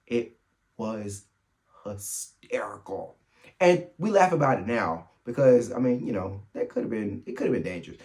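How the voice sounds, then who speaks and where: A man hosting a solo podcast, telling funny family stories in a casual, animated way and laughing as he goes. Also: on the low side. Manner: animated, laughs through his stories, quick asides. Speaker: podcast host. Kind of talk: solo storytelling chat.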